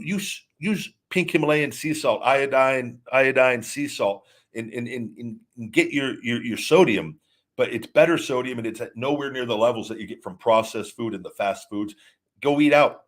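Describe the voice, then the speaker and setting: A man's voice: mid-range voice, normal speed. A man hosting a livestream, talking casually and rambling, with lots of repeated words and restarts as he answers viewer chat questions. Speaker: podcast host.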